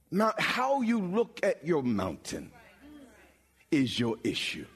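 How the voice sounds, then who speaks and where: A pastor preaching a sermon, building from explanation to bold, emphatic calls with dramatic pauses. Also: male voice, a little high, wildly swooping pitch, husky. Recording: long hall reverb.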